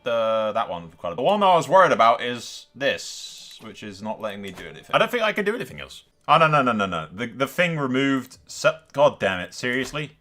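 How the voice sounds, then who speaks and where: Animated young man commenting on a strategy game. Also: mid-range voice. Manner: animated, talks to the game characters, laughs often. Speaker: gaming YouTuber. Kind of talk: casual let's-play commentary. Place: home.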